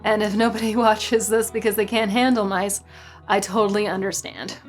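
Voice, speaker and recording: A woman's voice: mid-range voice, steady tone, normal speed, soft background music. A woman vlogging casually to her viewers, dramatic and self-mocking, repeating exclamations under her breath. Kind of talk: casual vlog talking to camera.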